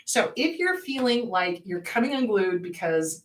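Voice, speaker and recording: A woman's voice: medium pitch, sing-song, moderate pace. A woman therapist hosting a show, talking casually and acting out panicked inner voices as she explains. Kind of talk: casual educational talk. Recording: roomy echo, distant from mic.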